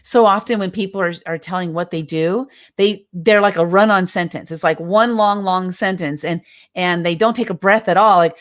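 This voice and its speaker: A woman's voice: mid-range voice, moderate pace. A woman in her fifties giving an emphatic, heartfelt motivational talk as a speaker and coach, often repeating her phrases. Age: 50s.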